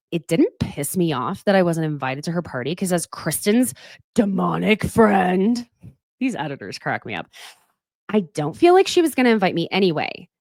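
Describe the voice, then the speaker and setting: A woman's voice: lowish voice, dry recording, clean studio sound. A woman, hosting a casual podcast recap with lots of laughter and asides to listeners. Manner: animated, gossipy, laughs often, talks to listeners directly. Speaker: podcast host recapping a reality show.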